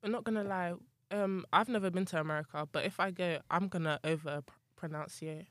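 A young woman in a casual chat, talking in an expressive, playful way. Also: lowish voice, brisk, no room sound. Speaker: podcast co-host. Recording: noisy background.

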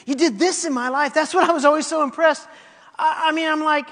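High-voiced preacher in a reverberant hall. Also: male voice, brisk. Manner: animated storytelling with acted-out quotes, swinging from loud to quiet. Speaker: pastor. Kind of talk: storytelling sermon. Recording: long reverb in a large hall.

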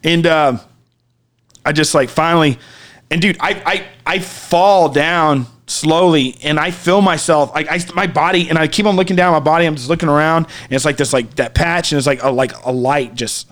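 A man on a podcast spins a long personal story, rambling and casual and packed with "like" and "dude". His voice sits a touch high. He turns earnest and reflective as he goes. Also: moderate pace, a bit bright. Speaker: podcast co-host.

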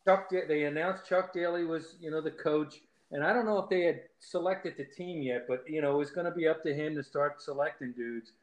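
A man in casual chat, telling a sports story with animated quoted heckles. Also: on the high side, fairly quick, hardly any pauses, echoey room, rough recording. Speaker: podcast co-host.

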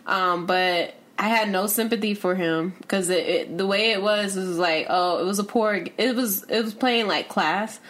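A woman's voice: mid-range voice, moderate pace, few pauses, a bit bright. A woman co-hosting a podcast, chatting casually and giving opinions, often trailing off and restarting her sentences. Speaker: podcast co-host. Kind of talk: casual chat.

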